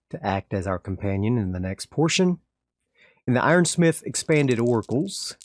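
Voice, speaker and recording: A man's voice: fairly low pitch, a little mellow, no echo, studio quality. A man playing a solo tabletop game, calling out his dice rolls step by step and narrating the story. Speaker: game master and solo player.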